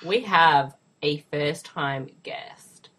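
A woman's voice: low-pitched, very slow, a bit bright, slightly rough. An Australian woman hosts a casual podcast, giggling through playful banter with her co-host. She sounds slightly sick today. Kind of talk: casual chat.

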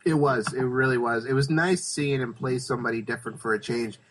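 A man gushes enthusiastically in casual podcast chat, swearing freely as he goes. His voice sits at an ordinary middle pitch. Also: fairly even intonation, a little fast, background noise. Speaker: podcast co-host.

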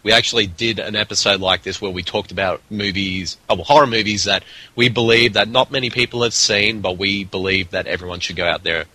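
A man's voice: fairly low pitch, fairly even intonation, a little fast, pushed and bright, no echo, rough recording. A man with an Australian accent hosting a casual podcast, rambling with plenty of restarts and fillers. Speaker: podcast host.

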